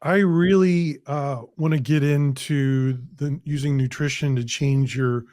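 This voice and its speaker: A man's voice: on the high side, steady tone, measured pace, darkish tone, no room sound. Casual male podcast host, dry sound. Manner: casual, hesitant with fillers. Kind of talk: podcast interview.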